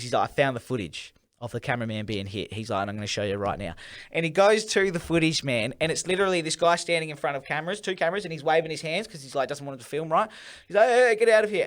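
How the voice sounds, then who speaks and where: A man's voice: on the high side, fairly bright tone. A man co-hosting a casual podcast, telling rambling stories full of swearing and acted-out quotes. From Australia. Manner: rambling storytelling with heavy swearing. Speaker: podcast co-host.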